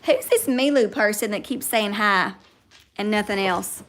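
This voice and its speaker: A woman's voice: mid-range voice, unhurried, a bit bright, slight background noise. A woman with a Southern US accent, hosting a casual livestream and chatting with viewers by name. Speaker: livestream host. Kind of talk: casual livestream chat reading viewer comments.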